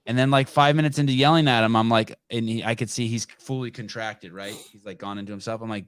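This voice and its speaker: Brief: middle-aged male podcast host, low-pitched, swears freely, rambling storyteller, very dry close sound. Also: quick pace, few pauses, no echo. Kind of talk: casual chat.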